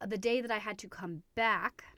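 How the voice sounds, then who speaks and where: A woman hosting a podcast, telling travel stories in a chatty, animated way with many fillers and restarts. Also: mid-range voice, normal speed, no echo, studio quality. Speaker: podcast host. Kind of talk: casual storytelling.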